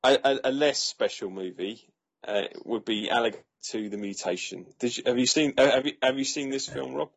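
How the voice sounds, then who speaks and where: A man's voice: medium pitch, a little fast, gravelly, husky, lo-fi sound. A man casually reviewing a film, talking with many fillers and restarts. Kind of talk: casual chat.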